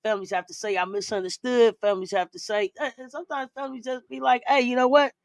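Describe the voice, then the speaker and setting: A man hosting a casual basketball talk show, hyping his audience with shout-outs and easy banter. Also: high voice, fast talker, vocal fry. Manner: animated, hype shout-outs to viewers. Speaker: show host.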